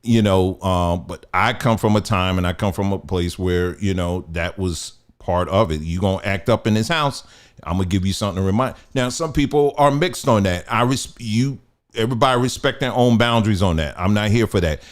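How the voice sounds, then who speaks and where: A man's voice: on the low side, brisk. A man hosting a podcast, giving emphatic, preachy advice in a casual monologue. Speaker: podcast host.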